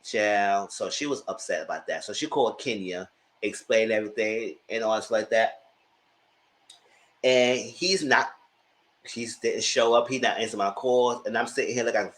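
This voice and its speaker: A man recapping a TV episode in a casual review, chatty and animated, dropping sassy asides and laughing often. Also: on the low side, moderate pace. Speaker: TV recap YouTuber.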